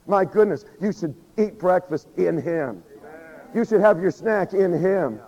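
A man preaching a sermon who acts out prayers and quotes with lively energy, laughing often and saying he is losing his voice. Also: high voice, a little slow. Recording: dull recording with long hall reverb.

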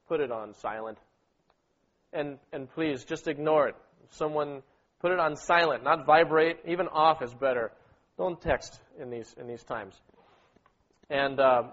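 Heard through a dull, low-fidelity recorder, a man runs a church meeting, preaching in a high, elevated voice that sounds a bit bright. He leads a shared scripture reading, urging the room on, repeating himself, and tossing out prompts like "okay?" and "amen."

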